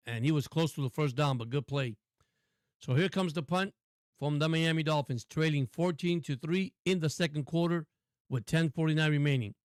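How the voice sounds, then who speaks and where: A man's voice: a little high, clear, resonant tone, no room sound, studio quality. A man hosting a casual live football stream, giving chatty play-by-play and talking to his viewers. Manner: chatty, laughs often, talks to viewers. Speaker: sports stream host.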